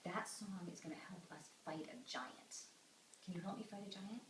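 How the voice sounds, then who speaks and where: A woman's voice: fairly low pitch, moderate pace, a bit bright. A woman telling a folk tale to children, acting out sound effects and voices. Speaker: storyteller. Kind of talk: storytelling to children. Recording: echoey room from far off, background noise.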